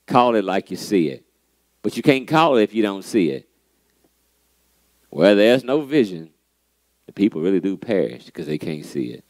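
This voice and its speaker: In a motivational church talk, a man is lively and preachy, peppering in "man" and repeating key lines for emphasis, with a teasing, sarcastic streak. His voice sits low, and there's no echo.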